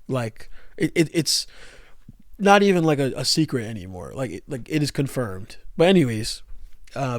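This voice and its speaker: A man's voice: mid-range voice, dry recording, clean studio sound. A young man giving a rambling, slangy music commentary rant, full of fillers and restarts. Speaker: music YouTuber.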